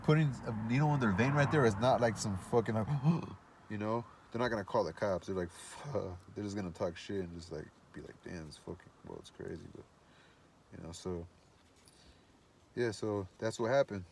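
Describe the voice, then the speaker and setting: A man's voice: lowish voice, fairly quick, darkish tone, slight background noise. Laid-back, cursing man telling a story. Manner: rambling, profane, laid-back with many fillers. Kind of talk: casual storytelling monologue.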